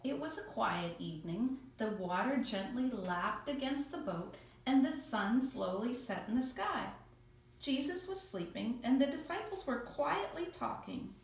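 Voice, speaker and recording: In an echoey church room, heard from some way off, a woman playfully recounts a Bible story for children with lots of expression. Her voice is a little high and her pace a little slow.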